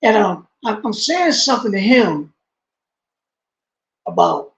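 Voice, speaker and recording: High-voiced man telling a story. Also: big pitch swings, takes it slowly, poor audio. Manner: street slang, repeats himself; drops to a low, quiet voice when quoting. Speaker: interview guest. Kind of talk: storytelling in an interview.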